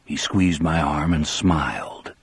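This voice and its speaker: A man narrating an audiobook in the first person with a measured, steady delivery. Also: a bass voice, slightly rough, no room sound.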